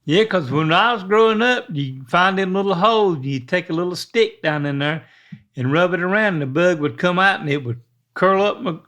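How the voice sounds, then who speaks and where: An older man with a Southern accent from coastal South Carolina, talking in a relaxed, folksy chat. He answers slowly and hesitantly, in a voice set a little higher than most men's. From northern coastal South Carolina. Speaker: show regular, father of the host. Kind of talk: casual chat.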